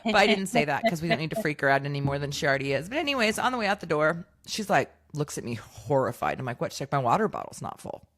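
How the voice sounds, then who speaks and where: A woman's voice: deep voice, sing-song, quick pace, hardly any pauses. A woman in her thirties co-hosting a podcast, telling stories in casual chat, acting out quoted dialogue and swearing freely. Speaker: podcast co-host.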